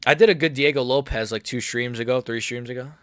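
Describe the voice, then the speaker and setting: A young man chatting casually during a live stream, excitable and rambling, and he keeps repeating how nervous he is. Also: medium pitch, quick pace, no echo, studio quality. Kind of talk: live watch-along chat.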